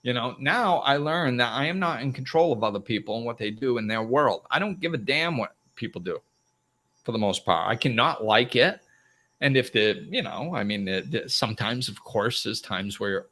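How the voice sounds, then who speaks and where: A man's voice: mid-range voice, a bit bright. A middle-aged man hosting a live self-help talk, who laughs often and acts out both sides of arguments. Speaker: host.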